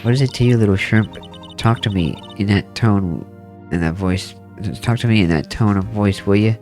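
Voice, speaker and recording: A man's voice: lowish voice, moderate pace, a little mellow, faint music behind, natural voice. A man voicing a sassy, bratty young woman witness in a game, with a whiny, mocking and indignant manner. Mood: taunting. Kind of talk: voicing a video game's text for a let's play.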